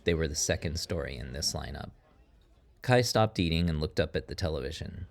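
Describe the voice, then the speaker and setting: A man reading a scripted story as narrator, in a steady, measured way. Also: very deep voice, creaky. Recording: audible background noise.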